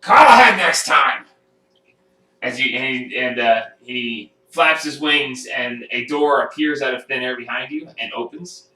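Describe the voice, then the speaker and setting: Halting game master, bright and roomy. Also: male voice, mid-range voice, steady tone. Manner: halting, lots of ums and uhs. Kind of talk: narrating a tabletop game. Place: home room. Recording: roomy sound from a distant mic.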